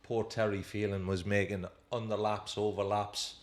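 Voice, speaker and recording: A man, a former footballer and co-host, telling anecdotes in a casual chat with lively quoting and laughter. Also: on the low side, normal speed, crowd noise.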